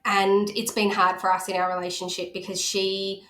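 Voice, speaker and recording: A woman's voice: mid-range voice, moderate pace, roomy sound. A woman in her thirties, a guest speech pathologist, telling stories in casual podcast chat and acting out the voices of people she quotes. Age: 30s. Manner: animated storytelling, acts out quoted voices.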